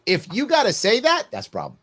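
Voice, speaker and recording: A man's voice: sits high, fast talker. A middle-aged man hosting a live political commentary show, arguing his point with lots of rhetorical questions. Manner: animated, argumentative, peppered with rhetorical questions; acts out quoted voices mid-rant. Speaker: host.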